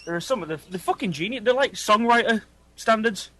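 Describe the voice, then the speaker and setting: High-voiced man, chatty and laughing. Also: animated, brisk, pushed and bright, a little hiss or hum. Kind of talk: casual banter among friends.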